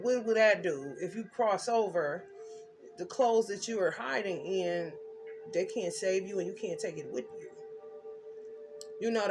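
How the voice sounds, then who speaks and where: A woman doing a tarot reading, telling her story intensely and emphatically with blunt slang. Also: lowish voice. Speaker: tarot reader.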